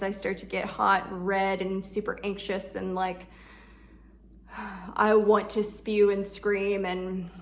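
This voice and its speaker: Woman, self-help coach, loose and conversational, lots of "like", easing into gentle slow murmurs when comforting. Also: mid-range voice. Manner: conversational, filler-heavy, drops soft and slow when voicing comforting self-talk. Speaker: shadow work coach. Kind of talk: casual self-help talk.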